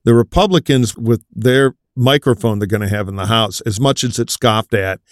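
Guy running a politics panel, wry and brisk, dry close mic. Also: medium pitch, dry recording. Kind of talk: panel discussion.

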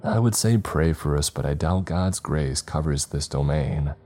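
A man reading a scary story aloud in a slow, measured, grave manner, as the narrator of a horror podcast. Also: faint music behind. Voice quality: very deep, dark voice.

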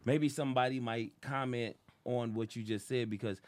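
A man's voice: mid-range voice, steady tone, a little mellow, no room sound. A man guest on a podcast, speaking earnestly and reflectively in casual chat. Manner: earnest, reflective, drawn-out phrasing.

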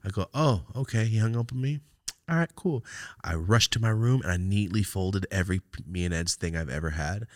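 A man hosting a podcast, telling a story in casual chat, animated and profane with loud outbursts. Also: low-pitched, brisk, no room sound, clean studio sound. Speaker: podcast host.

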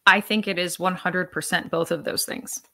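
Female co-host, low and gravelly but bright-edged, playful chatter. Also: fairly even intonation, normal speed. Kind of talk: casual chat.

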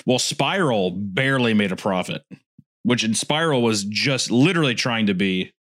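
Low-voiced American man, rambling. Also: expressive, normal speed, a bit bright. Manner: rambling, self-interrupting, crude humor. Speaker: podcast co-host. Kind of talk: casual chat.

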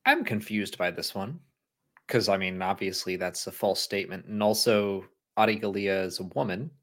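A man's voice: low voice, moderate pace. A man co-hosting a live stream, chatting casually, laughing often and reading out viewer messages. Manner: animated, laughs often, reads super chats aloud. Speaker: podcast co-host.

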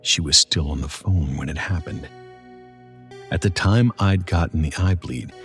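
A man with a very deep, low voice narrates a first-person horror story. His delivery is dramatic and measured, with soft music playing faintly under him.

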